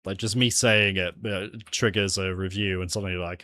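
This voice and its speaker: A man's voice: sits low, steady tone, fairly quick, sharp tone, no echo. A man chatting casually while working on his game live, often laughing and muttering to himself. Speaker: game developer streaming his jam entry.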